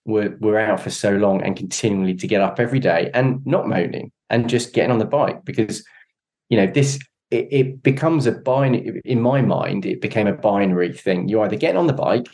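A man sits in on a podcast as a guest, his voice on the low side. He talks earnestly and reflectively, often pausing and restarting as he searches for the right words. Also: darkish tone. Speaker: podcast guest, endurance cyclist. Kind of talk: casual conversation.

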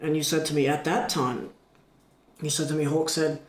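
A man's voice: fairly high pitch, moderate pace. Man, echoey room storytelling. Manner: animated retelling, frequent restarts. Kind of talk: casual storytelling chat.

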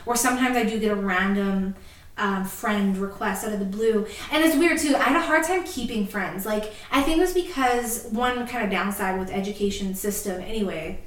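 A woman co-hosting a podcast in casual chat, telling stories with fillers and quick laughs. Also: mid-range voice, a bit bright, reverberant, far from the mic, poor audio. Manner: chatty, laughs often, many fillers. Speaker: podcast co-host.

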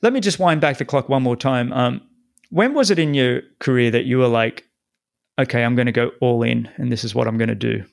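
A man's voice: medium pitch, fairly quick, gravelly, no echo, clean studio sound. A middle-aged man hosting an interview podcast, talking earnestly and restarting his sentences often. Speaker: podcast host. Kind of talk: interview conversation.

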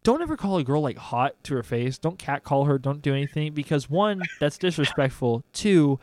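A man's voice: a little high, big pitch swings, normal speed, darkish tone, no room sound. A young man, a podcast co-host telling a story in casual chat and acting out both sides of the conversation.

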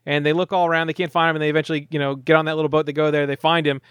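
Male co-host, crude comic recapper, slightly high, dry sound. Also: level tone, very fast, fairly bright tone, clean tone, no echo. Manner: crude, swearing, acts out characters' lines. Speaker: podcast co-host. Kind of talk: casual comedic movie recap.

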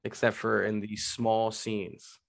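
A man in casual conversation, reviewing a superhero movie with animated, profane commentary. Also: fairly low pitch, slow pace, gravelly. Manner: animated, swears freely.

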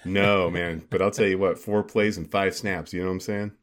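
A man's voice: low-pitched, steady tone, moderate pace. A man co-hosting a podcast, telling stories in a rambling way full of "like". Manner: rambling, filler-heavy storytelling. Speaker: podcast co-host. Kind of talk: casual podcast chat.

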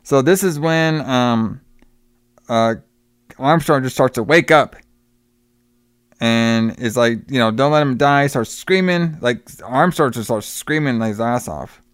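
A man's voice: mid-range voice, takes it slowly, dry recording, studio quality. A man casually retelling a film plot, swearing freely and acting out the characters' lines. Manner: profane, rambling, acts out quoted lines. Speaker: podcast co-host recapping a film. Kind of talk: casual chat.

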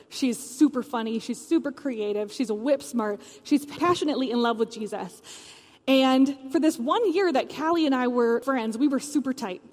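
A woman's voice: a little high, darkish tone, big-room sound. A woman preacher giving a sermon, telling a personal story earnestly.

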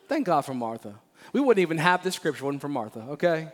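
Male pastor with a fairly high voice, preaching in church. Animated and emphatic, acts out scripture characters. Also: brisk, few pauses. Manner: animated and playful, acting out Bible figures; repeats phrases, emphatic delivery. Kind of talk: sermon. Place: church sanctuary.

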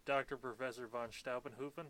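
A man's voice: medium pitch, steady tone, fairly quick, a bit bright. A man co-hosting a casual podcast, recapping a film with sardonic, swear-laden remarks and mumbled asides. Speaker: podcast co-host. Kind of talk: casual movie recap banter.

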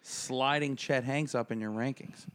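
A man's voice: mid-range voice, steady tone, a little slow. A man co-hosting a comedy podcast, teasing his partner with dry jokes and leading questions. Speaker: podcast co-host. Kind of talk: casual comedic chat.

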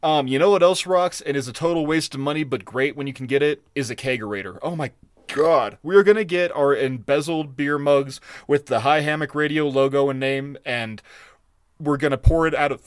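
A man's voice: on the high side, fairly quick, clear, resonant tone, dry recording, studio quality. A young man co-hosting a casual podcast, talking loosely with lots of swearing and frequent laughs. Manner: loose, profane, laughing often. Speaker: podcast co-host.

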